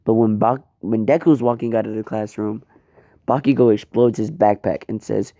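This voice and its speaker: A man's voice: on the low side, fairly even intonation, moderate pace, mellow. A man narrating improvised fan fiction in a casual, rambling, profane way. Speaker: fan storyteller.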